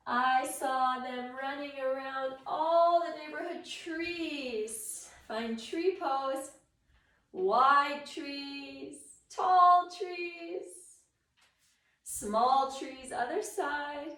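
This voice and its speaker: A young adult woman teaching a yoga class for children in a gentle, sing-song, playful way. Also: high-pitched, drawn-out words. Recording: echoey room, voice from far.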